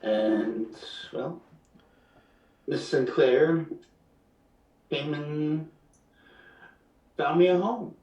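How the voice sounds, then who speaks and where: A man voicing a shy thirteen-year-old girl with powers, talking softly and hesitantly. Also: on the high side, expressive, extremely slow, pauses often. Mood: wistful. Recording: echoey, distant, dull.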